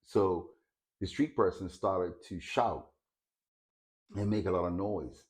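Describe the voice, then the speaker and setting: Male storyteller, casual and hesitant, lowish voice, repeats words often. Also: slow. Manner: hesitant, repeats words while finding them.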